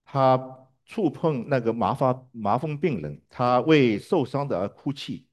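A man's voice: medium pitch, lively intonation, a little slow. A man interpreting a sermon live, hesitating with fillers and restarts.

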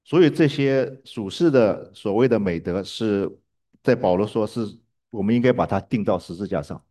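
A man's voice: on the low side, lively intonation, moderate pace, mellow. A man interpreting a sermon live, hesitating with fillers and restarts.

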